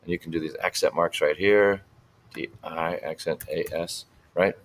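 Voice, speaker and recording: A man's voice: deep voice, fairly even intonation, normal speed, a little hiss or hum. A man teaching a Spanish class, walking students through online activities step by step and checking in with "right?" as he goes. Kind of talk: screen-share lesson walkthrough.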